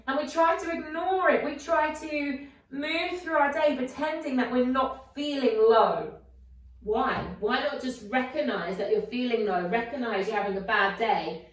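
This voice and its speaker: A woman's voice: high-pitched, a bit bright. A woman guiding a yoga class, encouraging and playful, asking coaxing questions. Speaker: yoga instructor. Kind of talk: guided yoga class instruction. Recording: very echoey room, voice from a distance.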